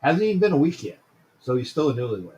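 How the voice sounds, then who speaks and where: A man's voice: medium pitch, very animated, fast talker, mellow, dull audio, slight background noise. A man hosting a casual sports talk livestream, greeting viewers by name and often repeating himself.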